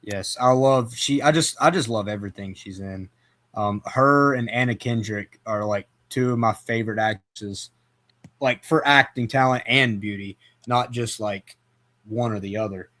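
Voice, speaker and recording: A man's voice: on the low side, normal speed, a bit bright. A man hosting a casual movie chat, rambling with lots of fillers and restarts. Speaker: podcast host.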